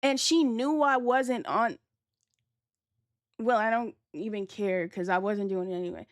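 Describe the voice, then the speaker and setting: A young woman on a livestream rattles off a personal story in loose, profane slang, leaning on "like" at every turn. Her voice sits in a middle register and she jumps into quoted lines with sudden lifts in pitch. The sound is dry and close. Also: measured pace, dry recording. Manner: chatty, slangy and profane, heavy use of "like". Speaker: streamer. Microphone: streaming setup.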